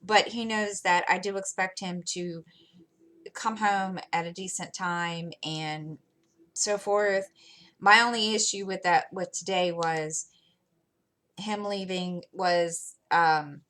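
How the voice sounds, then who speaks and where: A woman's voice: lowish voice, steady tone, takes it slowly, fairly bright tone. A middle-aged woman hosting her channel, chatting casually and telling rambling stories while she works on a craft. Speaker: channel host.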